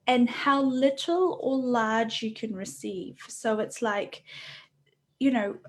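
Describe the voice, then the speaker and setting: Earnest woman explaining, slightly high voice. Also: slow pace. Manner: earnest, explanatory, with frequent hesitations. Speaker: workshop facilitator. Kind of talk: conversational interview.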